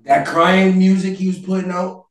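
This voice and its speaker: Loud, high-voiced New man arguing. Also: moderate pace, distant mic, slight background noise. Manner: loud, animated, profane, argumentative, often shouting. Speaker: interview guest. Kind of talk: heated casual debate. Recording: echoey room.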